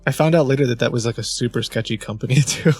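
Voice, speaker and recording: A man's voice: mid-range voice, quick pace, slightly rough, soft background music. Chatty man telling a story on stream. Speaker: streamer host. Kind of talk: casual stream chat.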